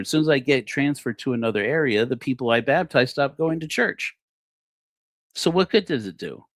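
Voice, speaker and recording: A man in his forties telling a personal story on a livestream, acting out the dialogue with animated shifts in his voice. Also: mid-range voice, dry recording, clean studio sound. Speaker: livestream host.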